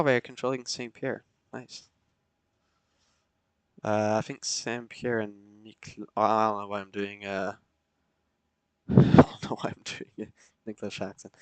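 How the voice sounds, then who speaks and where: Relaxed low-voiced male sim streamer. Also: dry recording. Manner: relaxed, chatty, answers chat with fillers. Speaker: flight sim streamer playing pilot. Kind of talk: casual live-stream chat with radio calls.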